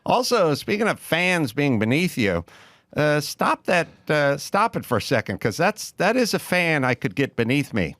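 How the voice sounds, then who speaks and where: A man's voice: on the high side, very animated, moderate pace, fairly bright tone, no room sound, studio quality. A male podcast host riffing in casual comedic chat, rambling and sardonic.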